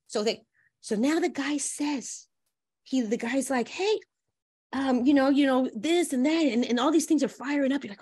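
A woman with a notably high voice speaks as a relationship coach on a talk show. She tells stories with energy and acts out what people say in playful voices. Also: moderate pace. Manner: lively, breaks into playful quoted voices. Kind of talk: animated advice chat with acted-out quotes.

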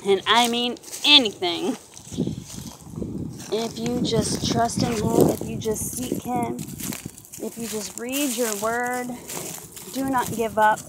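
Slow, earnest woman sharing her testimony. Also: a little high, steady tone, very noisy. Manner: earnest, halting, frequent "you know". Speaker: testimony speaker. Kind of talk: personal faith testimony.

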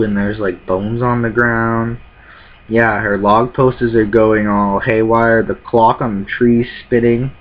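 A man's voice: on the low side, level tone, measured pace. A man in a casual live reaction, reading comic panels aloud with muttered asides, on a dull lo-fi recording. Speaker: YouTuber reacting to a manga.

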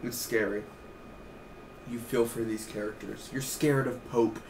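A young man giving an excitable, rambling casual review of a TV episode, with lots of fillers. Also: mid-range voice, unhurried, gravelly, slight background noise.

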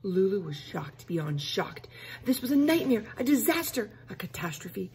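A woman reading a children's book aloud expressively, pausing to explain the story to listeners. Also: medium pitch, very animated, a little mellow, breathy edge. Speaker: reader.

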